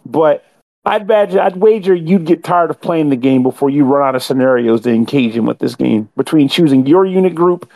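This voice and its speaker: Man, higher voice, talkative, wordy game review, self-correcting. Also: brisk, creaky, mellow. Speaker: podcast co-host reviewing a game. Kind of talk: casual podcast review.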